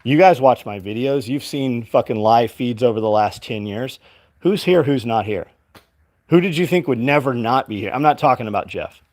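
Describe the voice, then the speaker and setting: Animated and talking at normal speed, this business owner has a mid-range, slightly mellow voice recorded dry. He hosts a livestream where he casually but bluntly rants about work ethic with plenty of swearing, replaying conversations he's had.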